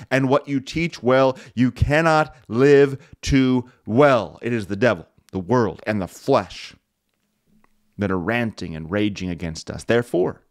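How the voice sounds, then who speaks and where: Guy preaching on a radio show, punchy emphasis, mid pitch, dead dry sound. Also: dry recording. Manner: emphatic, rising and falling with emphasis, occasional chuckles. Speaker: pastor and radio show host. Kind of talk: devotional radio talk.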